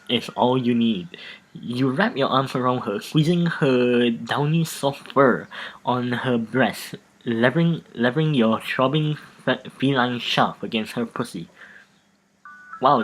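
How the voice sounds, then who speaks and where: A let's play host reading adult game text aloud, stumbling, repeating words and breaking off to joke. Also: male voice, mid-range voice, measured pace, poor audio. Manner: joking, easily embarrassed. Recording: with background music.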